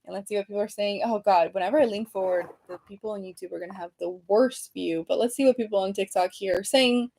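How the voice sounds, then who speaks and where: A thirty-something creator hosts a livestream from a room at home, talking into her computer's webcam mic from her desk. Her mid-range voice is gravelly and darkish, and she talks fast with hardly any pauses, reading out comments with plenty of ums and false starts.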